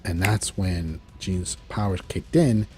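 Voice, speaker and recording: A man's voice: low voice, takes it slowly, darkish tone, soft background music. A man casually reviewing and recapping a cartoon episode, chatting loosely and acting out lines. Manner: chatty, retells scenes, acts out quotes. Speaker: show reviewer.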